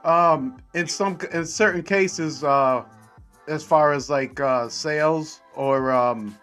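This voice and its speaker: Slow, halting man. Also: on the high side, a bit bright, clear, resonant tone, soft background music. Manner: halting, many fillers. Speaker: guest from a service company. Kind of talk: casual livestream chat.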